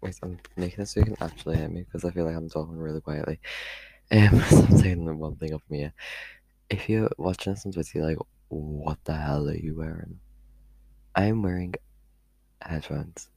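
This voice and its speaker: A man's voice: low-pitched, brisk, warm tone, no room sound. A teenage boy chatting casually on a live stream into a headphone mic, rambling and losing his thread. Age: teens. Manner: chatty, meandering, loses his train of thought. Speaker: vlogger.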